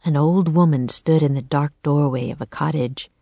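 A woman narrating a children's storybook aloud in a calm, even manner. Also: sits low, normal speed, vocal fry, no echo.

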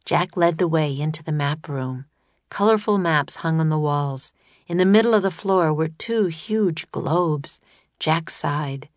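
Low-voiced woman narrating a storybook. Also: no echo. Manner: steady, measured reading. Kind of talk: audiobook narration.

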